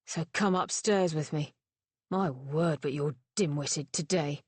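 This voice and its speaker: A woman's voice: low voice, measured pace, a little mellow, breathy edge, dry recording. A woman voicing a surly, drunken young male rake who sneers and insults everyone around him.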